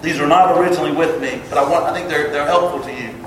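A man preaching a sermon to his congregation, emphatic and building to loud exclamations. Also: a little high, fast talker, recorded from a distance, a little hiss or hum. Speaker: pastor. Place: church sanctuary. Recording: echoey hall, picked up from afar.

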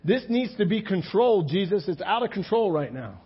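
A man's voice: sits high, very animated, fairly quick, husky, muffled recording, exaggerated voice. A man voicing a frustrated, overworked woman host who indignantly demands help. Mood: demanding. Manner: indignant, pleading.

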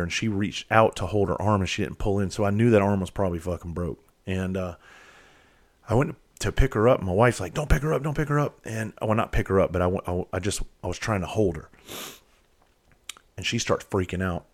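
A man with a very deep voice recounts a painful family moment. His telling is candid and profane. He halts and restarts often as the emotion presses in. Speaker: father telling a personal story. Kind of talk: candid personal storytelling.

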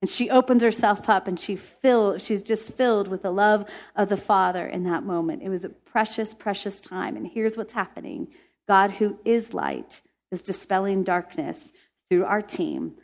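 A woman's voice: mid-range voice, normal speed. A woman telling a heartfelt faith testimony to listeners, earnest and emotive. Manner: earnest, emotive, laughs when excited. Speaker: Christian speaker.

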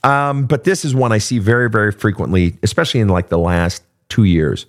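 A man's voice: on the low side, fairly quick. A middle-aged man hosting a casual advice talk, blunt and profane. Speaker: podcast host, coach.

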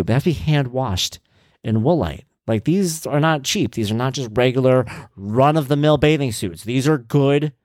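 Animated storytelling dad, dry sound. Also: male voice, medium pitch, dry recording. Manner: animated, exasperated, acts out his kids' lines. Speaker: divorced dad telling stories. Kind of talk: casual storytelling monologue.

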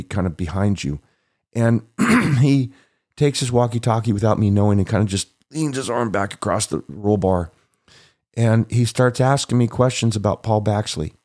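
Middle-aged male podcast host, low voice, relaxed anecdotal storyteller who chuckles and acts out quotes. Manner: warm reminiscing, laughing often, acts out quoted voices. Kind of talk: casual storytelling.

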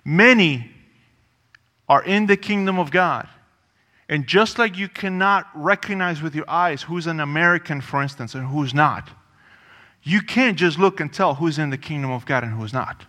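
A man's voice: fairly high pitch, moderate pace, sharp tone, big-room sound. A man preaching a sermon in a conversational, emphatic way, repeating phrases and dropping in offhand asides.

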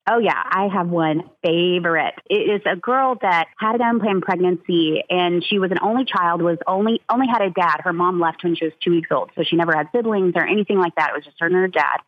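A woman speaks in a fairly low voice over a tinny, phone-like line with a dry sound. She tells heartfelt stories in an earnest, sincere way as an interview guest. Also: brisk, hardly any pauses, no room sound. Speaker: ministry founder and author.

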